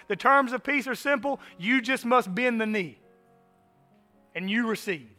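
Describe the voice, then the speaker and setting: A man preaching a sermon as pastor, animated, swinging from loud emphasis to hushed asides. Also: very high voice, measured pace, long pauses, faint music behind.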